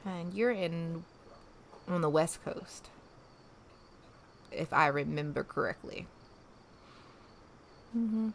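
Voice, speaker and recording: A woman's voice: fairly low pitch, takes it slowly, gravelly, pauses often, a little hiss or hum. A woman from the American South with no regional accent, hosting a casual livestream and chatting with viewers, trailing off with fillers and restarts. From Southern United States. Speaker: livestream host.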